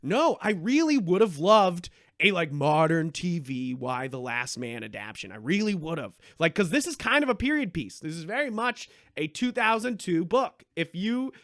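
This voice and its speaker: A high-voiced man talks in loose, excitable podcast chat, full of swearing and false starts. The sound is dry and close to the mic, with no room around it. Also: normal speed, hardly any pauses, dry recording. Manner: animated, profane, rambling with many restarts. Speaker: podcast co-host.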